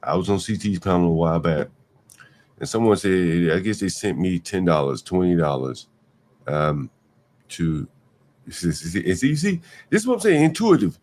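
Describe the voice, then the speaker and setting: A man's voice: sits low, expressive, normal speed, darkish tone. A man hosting a livestream, talking emphatically in repeated rhetorical questions. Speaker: livestream host. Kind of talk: ranting livestream commentary.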